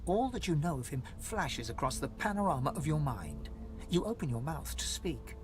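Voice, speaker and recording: A man narrating a video game in a measured, descriptive storybook style. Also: a little high, big pitch swings, soft background music. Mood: calm.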